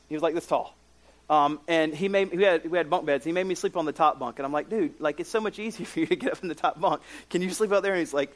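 A man in his forties preaching a sermon, telling stories with jokes and side notes. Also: on the high side. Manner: lively storytelling with jokes and asides. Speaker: pastor.

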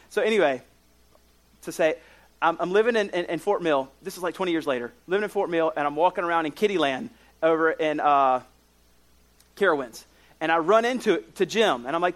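A man's voice: high-pitched, fast. A man in his forties preaching a sermon, telling stories with jokes and side notes. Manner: lively storytelling with jokes and asides. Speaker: pastor.

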